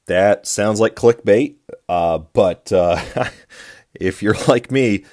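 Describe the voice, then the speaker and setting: Low-voiced man giving an earnest podcast monologue. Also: expressive, measured pace, a little mellow. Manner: earnest, preachy, repeats and restarts words. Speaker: podcast host.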